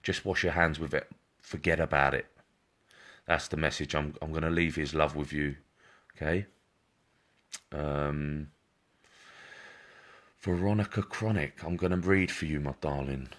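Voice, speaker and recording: Low-voiced man giving live readings. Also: fairly even intonation, measured pace, pauses often, a bit bright. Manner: repetitive, reassuring, addresses viewers by name. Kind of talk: live-stream psychic reading.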